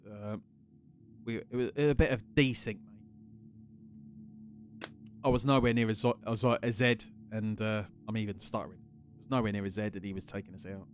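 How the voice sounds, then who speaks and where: A man's voice: fairly low pitch, fairly even intonation, a little slow, long pauses, faint music behind. A man chatting casually and swearing as he streams a game, greeting his chat by name. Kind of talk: casual live-stream commentary while gaming.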